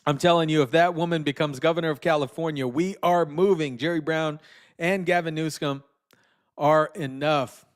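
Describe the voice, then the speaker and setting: A man's voice: a little high, fairly even intonation, normal speed. A man hosting a live stream, casually commenting and mocking with frequent chuckles. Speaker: streamer host.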